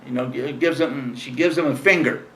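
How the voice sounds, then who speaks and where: A man's voice: mid-range voice, moderate pace, sharp tone. A man casually telling a long rambling anecdote with lots of fillers, acting out the people he quotes. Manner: rambling, frequent fillers, acts out quoted voices. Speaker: interview guest telling stories. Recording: distant mic in an echoey room.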